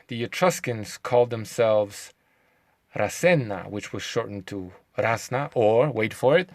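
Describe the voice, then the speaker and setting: A man's voice: lowish voice, expressive, a little slow, no room sound. A man hosting his own video in a casual monologue, sarcastic, firing off rhetorical questions and muttering swearing asides. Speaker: video host.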